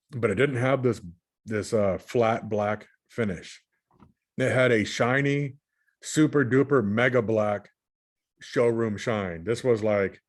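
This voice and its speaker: A man from California recounting his dreams in a casual, rambling way, often repeating and restarting his words as he shares his screen. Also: fairly low pitch. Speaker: channel host recounting dreams. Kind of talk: casual spoken recounting while screen sharing.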